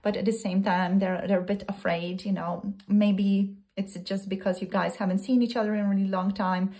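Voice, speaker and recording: A woman at a middle pitch reads tarot cards in a loose, spoken way. She thinks aloud, circles back over her words and breaks into excited exclamations. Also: normal speed. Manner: thinks aloud, repeats and restarts phrases. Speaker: tarot reader. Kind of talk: casual tarot reading to camera.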